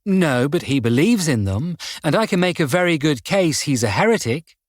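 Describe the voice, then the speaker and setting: A man voicing a calm, menacing male serial killer in an audiobook, speaking gently and without hurry. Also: a little high, no room sound, clean studio sound. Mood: calm menace. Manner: gentle, unhurried taunting. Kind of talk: audiobook character voice.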